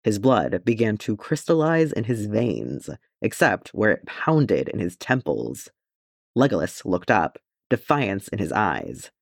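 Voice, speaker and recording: A man narrating a fan fiction audiobook in an expressive storytelling manner. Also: fairly low pitch, a little slow, creaky, no room sound, clean studio sound.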